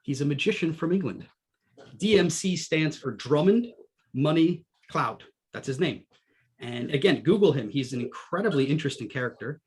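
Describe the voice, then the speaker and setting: Guy hosting a chat, husky voice, joky, keeps things moving. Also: a little high, lively intonation, normal speed, darkish tone. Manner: joking, leads the talk. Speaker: host. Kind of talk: casual panel chat.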